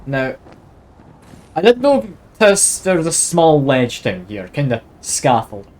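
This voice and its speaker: A man's voice: medium pitch, wildly swooping pitch, slow, a little mellow. Chatty Scottish guy streaming a game. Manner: chatty, easygoing, talks to chat while playing. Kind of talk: casual live-stream commentary.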